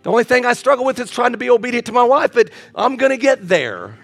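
A middle-aged man, a pastor, preaching with humor, swinging between loud outbursts and quiet moments. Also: very high-pitched, expressive, quick pace, dry recording, soft background music. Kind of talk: sermon.

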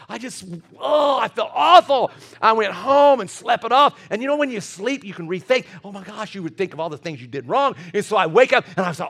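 A middle-aged pastor with a fairly high voice delivers a lively sermon. He keeps stumbling over repeated words as he talks, and he laughs often. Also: brisk, gravelly, few pauses, breathy edge.

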